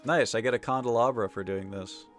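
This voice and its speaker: A man streaming a game, chatting casually in an excitable, profane, rambling way. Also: medium pitch, brisk, soft background music. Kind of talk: casual gaming commentary.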